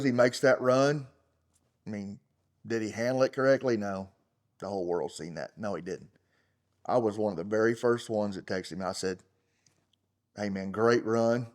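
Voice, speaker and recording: A middle-aged man speaking bluntly and with plenty of profanity, mid-pitched and plain. He rambles with lots of fillers, then builds into loud, heated outbursts. He talks as a rodeo champion in a casual sit-down interview. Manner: rambling, full of fillers like "you know" and "like". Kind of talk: unfiltered casual interview talk.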